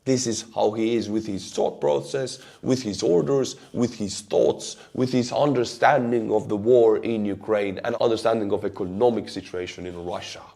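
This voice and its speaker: A man with an Estonian accent, hoarse from losing his voice, hosting a news update and talking earnestly to his viewers as his friends. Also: on the low side, fairly even intonation, moderate pace, hardly any pauses, warm tone. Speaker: war update host. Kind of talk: news commentary.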